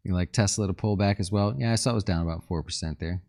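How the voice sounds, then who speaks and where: A fund manager runs a live market stream, joking and chatting casually as he reads viewer questions and thinks out loud over charts. His voice sits low and has a darkish tone.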